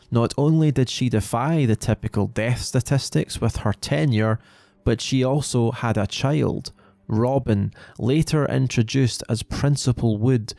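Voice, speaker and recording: Gravelly man narrating a lore video. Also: mid-range voice, a little mellow, dry recording. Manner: measured, explanatory. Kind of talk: scripted narration.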